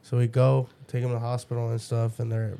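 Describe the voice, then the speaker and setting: A man's voice: medium pitch, monotone, fast, gravelly, warm tone. A man co-hosting a casual podcast for dads, telling profane stories and acting out quotes. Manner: profane storytelling, acts out quotes. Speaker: podcast co-host; father.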